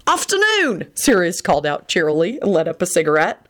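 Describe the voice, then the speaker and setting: A woman reading a story aloud with expressive storytelling. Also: sits low, fast talker. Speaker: reader. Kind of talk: reading fan fiction aloud.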